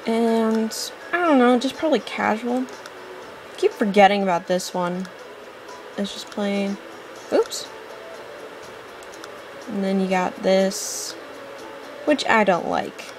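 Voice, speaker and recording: A woman's voice: mid-range voice, slow, pauses often, background noise. Chatty woman rambling through gameplay. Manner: chatty, rambling, easily impatient with the game; apologetic asides. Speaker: let's-play host. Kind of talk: casual gameplay commentary.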